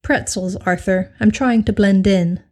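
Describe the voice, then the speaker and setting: A woman's voice: mid-range voice, measured pace, a little mellow, close to an everyday voice. A woman reading aloud and voicing a playful English man who teases his partner with drawling banter. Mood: teasing. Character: teasing, cheerful English man, flirty.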